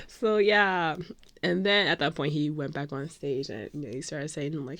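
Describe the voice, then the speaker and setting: A young woman recounts a story to her vlog camera in a breathless, gushing ramble, her voice sitting a little low. She leans on "like" constantly and flips between excited high squeals and hushed whispers. The sound is close and dry, with no room around it. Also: slow pace, no room sound. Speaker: vlogger.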